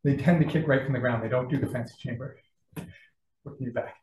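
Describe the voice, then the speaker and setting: Recorded from a distance in an echoey, very noisy gym, a man with a slightly high voice, big pitch swings and a quick pace leads a martial arts class. Out of breath, he shouts combinations and checks on his students.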